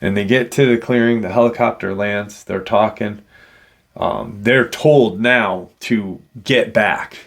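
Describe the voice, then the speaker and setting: A man retelling an encounter story as a paranormal show host, halting and leaning on "you know" fillers. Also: fairly low pitch.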